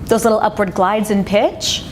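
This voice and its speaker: A woman giving an instructional talk as a communication coach, with a clear, demonstrative teaching delivery. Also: mid-range voice, steady tone, normal speed, a little hiss or hum.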